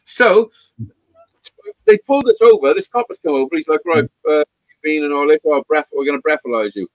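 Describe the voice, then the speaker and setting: A man on a livestream, telling rough stories in casual chat, swearing constantly and acting out the dialogue. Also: on the high side, expressive, fairly quick, dull audio. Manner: swears constantly, acts out quoted dialogue animatedly. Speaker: livestream co-host.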